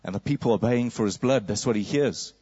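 A male preacher tells a story in a vivid, dramatic sermon style, with a mid-pitched voice. The recording is a little dull and lo-fi. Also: fairly quick, warm tone, slightly rough. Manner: vivid storytelling, acting out crowd cries and whispers.

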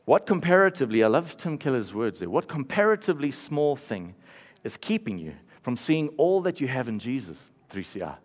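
A man's voice: medium pitch, big pitch swings, a little fast, hardly any pauses. A man preaching a sermon, telling a story with playful asides and light laughter. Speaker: pastor.

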